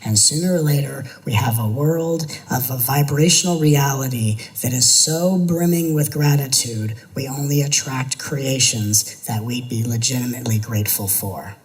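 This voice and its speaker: A man's voice: medium pitch, moderate pace, hardly any pauses, poor audio. A man, a spiritual teacher, giving an earnest talk to an audience, building his points through repetition and now and then slipping into playful mimicry.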